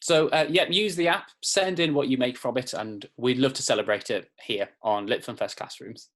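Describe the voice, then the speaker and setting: A man's voice: mid-range voice, moderate pace, fairly bright tone. A man presenting an online writing lesson for children in a friendly, explanatory way with frequent fillers. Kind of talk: classroom lesson video.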